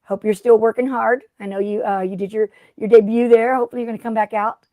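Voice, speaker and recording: A woman's voice: on the high side, steady tone, fast talker, warm tone, dry recording, studio quality. A middle-aged woman hosting a casual craft livestream, rambling and chatty as she greets viewers by name. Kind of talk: casual live-stream chat.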